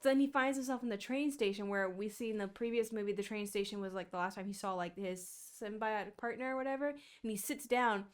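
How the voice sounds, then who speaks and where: A woman's voice: mid-range voice, fast, few pauses, smooth. A young woman co-hosting a podcast, casually retelling movie scenes with lots of "like" fillers. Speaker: podcast co-host. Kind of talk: casual movie review chat.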